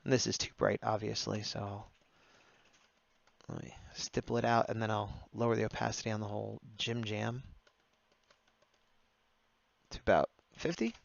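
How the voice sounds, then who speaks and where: A man's voice: on the low side, little pitch movement, moderate pace, creaky, pauses often, no echo. A man chatting casually on a livestream, narrating his drawing as he works and talking to his viewers, over dull lo-fi audio. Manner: chatty running commentary, often laughing at his own jokes. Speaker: livestreaming artist taking drawing requests.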